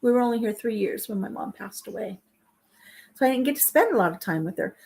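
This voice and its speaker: A woman's voice: medium pitch, expressive, fast talker, creaky, darkish tone, breathy edge. Tearful middle-aged woman talking through tears. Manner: tearful, speaks through crying. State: crying. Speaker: vlog host. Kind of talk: casual chat while baking. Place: home kitchen.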